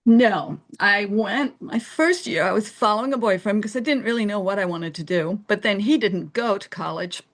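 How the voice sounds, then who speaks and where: A middle-aged woman from England, a guest in a casual interview, telling animated stories and laughing often. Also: medium pitch, moderate pace, hardly any pauses. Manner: animated storyteller, laughs often, acts out voices.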